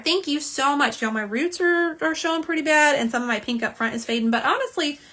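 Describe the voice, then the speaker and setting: A little hiss or hum sits under this woman's bright, forceful, fairly high voice. She's hosting a live nail polish unboxing on her phone camera, front and back, chatting, reading viewer comments, and joking at her own expense.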